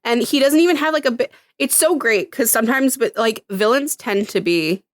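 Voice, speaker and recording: A woman's voice: a little high, moderate pace, dry recording, studio quality. A young woman co-hosting a podcast, talking casually and analytically, with many 'like's. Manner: chatty, analytical, peppered with 'like'. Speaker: podcast co-host. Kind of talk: casual chat.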